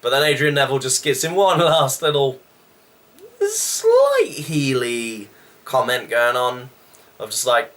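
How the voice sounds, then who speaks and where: A man casually reviewing a wrestling show, chatty and loose with sighs and quick asides. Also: mid-range voice, big pitch swings, a bit bright.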